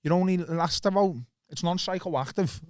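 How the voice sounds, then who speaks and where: A man, a podcast guest, explaining at length in a calm, casual way with many restarts. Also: sits high, normal speed, clear, resonant tone, no room sound, clean studio sound. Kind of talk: casual chat.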